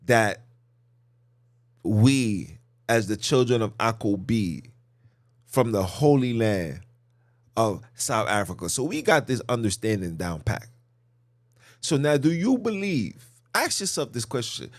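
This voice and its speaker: Speaking slowly with long pauses, a man with a lowish, very animated voice teaches scripture on his podcast. His casual preaching style leans on repetition, emphasis and rhetorical questions aimed at listeners.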